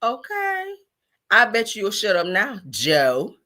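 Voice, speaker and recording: Woman gossip host, sassy and expressive, lively pitch, bright and forceful tone. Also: takes it slowly. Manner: sassy, animated, says "honey" and "child" a lot. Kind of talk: casual gossip commentary.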